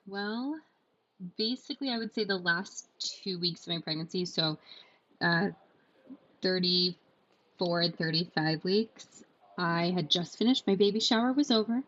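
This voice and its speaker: Woman in her young adult years, chatty podcast co-host, muffled audio. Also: medium pitch. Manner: animated storyteller, acts out quotes. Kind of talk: casual storytelling chat.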